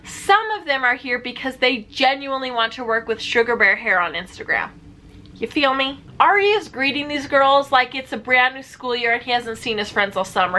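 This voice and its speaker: A young woman giving animated, sarcastic reaction commentary as a vlogger. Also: fairly high pitch, moderate pace, a little hiss or hum. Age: young adult.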